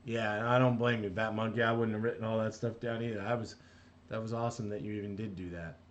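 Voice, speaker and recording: A middle-aged New Jersey animator chats casually on a live stream as he works, rambling, reading viewer comments aloud and often cutting himself off mid-thought. His voice is lowish and level, his pace quick. The lo-fi recording carries slight background noise.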